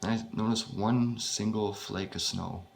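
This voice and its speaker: A man reading his own first-person horror story aloud, in a halting, unpolished way with frequent swearing. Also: lowish voice, fairly even intonation, creaky, a little hiss or hum.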